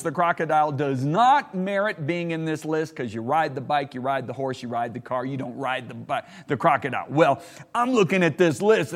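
A middle-aged man preaching a sermon emphatically, slowing down to stress key words and rising sharply in pitch when he gets worked up. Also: big-room sound.

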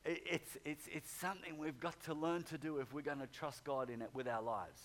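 A man's voice: on the high side, fairly even intonation, fairly quick. A man preaching a sermon in a conversational way, often repeating phrases for emphasis.

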